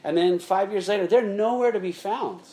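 This middle-aged man's voice is high-pitched and warm, moving at a moderate pace. He's a pastor delivering a sermon conversationally, often asking "okay?" and addressing the crowd as "guys."

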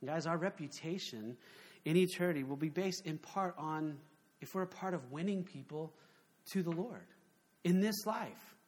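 A man preaching a sermon in an animated, conversational way, full of rhetorical questions. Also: fairly high pitch, moderate pace. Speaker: pastor.

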